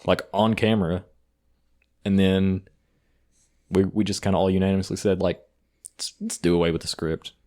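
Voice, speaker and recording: A young man with an Eastern Kentucky accent, co-hosting a podcast and telling stories in a casual, profane, animated way. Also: low voice, moderate pace, long pauses. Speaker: podcast co-host. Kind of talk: casual chat.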